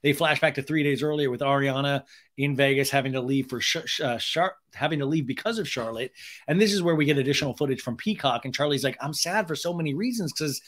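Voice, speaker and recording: A man hosting a podcast, recapping a reality show in animated, gossipy commentary. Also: medium pitch, fast talker. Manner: animated and gossipy, with frequent restarts. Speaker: podcast host.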